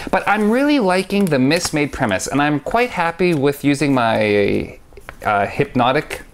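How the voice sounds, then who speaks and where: A man's voice: on the high side, very animated, measured pace, slight background noise. A man who performs magic, talking casually to camera about a trick he likes, rambling and correcting himself as he goes. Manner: rambling, stop-start, self-correcting; enthusiastic. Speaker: magician reviewing his own trick.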